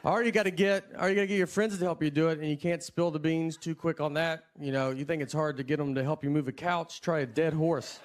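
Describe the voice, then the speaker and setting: A male stand-up comedian telling stories on stage in a low-key, rambling, self-deprecating manner. His voice sits a bit high for a man, and faint noise hangs behind him. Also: fairly even intonation, fast, hardly any pauses. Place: live comedy venue with audience.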